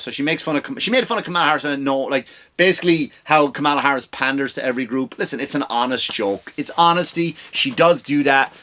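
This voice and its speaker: Profane ranting comedian podcast host. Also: male voice, mid-range voice, pushed and bright. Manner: profane, ranting, rambling with restarts. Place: home recording setup with lights.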